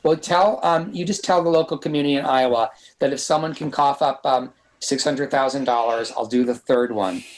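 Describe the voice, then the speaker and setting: A man talking as a guest in a casual podcast interview, telling quick, lively anecdotes about making films. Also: mid-range voice, poor audio. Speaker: guest screenwriter and director. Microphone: podcast microphone.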